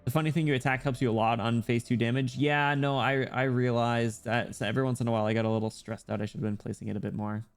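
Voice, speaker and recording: A man's voice: mid-range voice, fairly even intonation, fast talker, vocal fry, few pauses, smooth, soft background music. A man streaming a game, chatting casually with viewers and reading story text aloud, with lots of filler words. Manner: chatty, talks directly to viewers, frequent "like" fillers; reads story text aloud in a softer, quieter voice.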